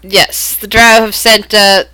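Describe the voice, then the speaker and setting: A woman's voice: medium pitch, little pitch movement, slow, bright, forceful tone, dry recording, rough recording. A woman running a tabletop role-playing game online, narrating and explaining in a chatty, rambling way and often laughing. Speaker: game master.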